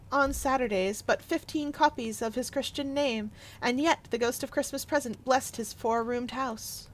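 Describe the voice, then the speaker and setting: High-voiced woman streamer reading aloud. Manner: chatty and excitable with chat. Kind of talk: live stream book reading and chat.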